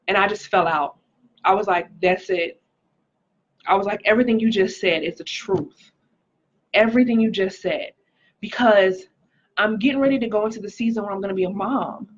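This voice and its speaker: A woman talks through a personal testimony on a live stream, earnest and emotional, reading out viewer comments. Her voice is husky and breathy at a middle pitch. The sound is dull and lo-fi. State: pregnant, recovering from stroke. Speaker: life coach.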